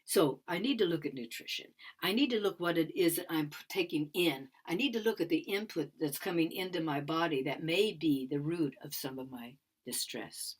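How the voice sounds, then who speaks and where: With few pauses and at a normal pace, an older woman in a deep, slightly rough voice reflects on sound healing during a conference talk. She tends to repeat herself and occasionally whispers.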